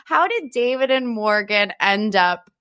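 A young woman hosting a podcast, chatting in a teasing, animated way and laughing often. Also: mid-range voice, unhurried, smooth. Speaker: podcast host. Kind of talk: casual chat.

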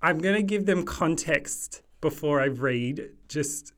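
A podcast co-host in casual chat, laid-back and quick to laugh. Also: medium pitch, lively intonation.

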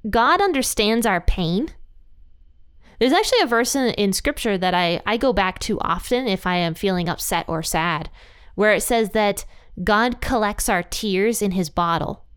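An earnest woman talks through a Bible passage in a casual, reflective way. Her voice is smooth and clear, and her pitch sits in the middle range for a woman. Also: animated, moderate pace, a bit bright. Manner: earnest and reflective, with frequent restarts. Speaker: Bible teaching podcast host. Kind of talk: casual Bible study talk.

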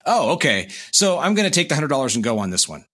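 A man's voice: mid-range voice, sing-song, fast, pushed and bright. A man co-hosting a podcast, chatting casually and answering in a playful, joking way. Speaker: podcast co-host.

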